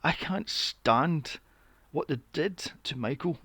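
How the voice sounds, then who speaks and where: A podcast host with a fairly high, gravelly voice rants about films, swearing freely and sounding exasperated. His pitch jumps around a lot, and the recording is dry and close. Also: slow pace, no room sound. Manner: profane, exasperated, animated. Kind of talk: casual film review rant.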